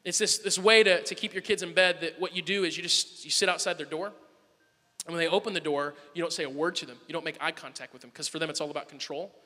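A man preaching a sermon, telling a family story with animated swings between loud bursts and soft asides. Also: fairly high pitch, fast talker, big-room sound. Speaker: pastor.

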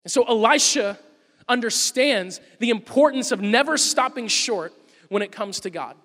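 A man preaching a sermon, telling the story in an animated way and acting out the quotes. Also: very high-pitched, normal speed, big-room sound.

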